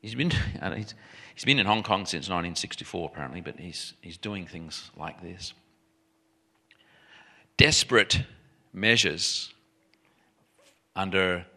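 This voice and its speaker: Guy preaching a sermon, really bright punchy voice, animated, keeps restarting his sentences. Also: low-pitched.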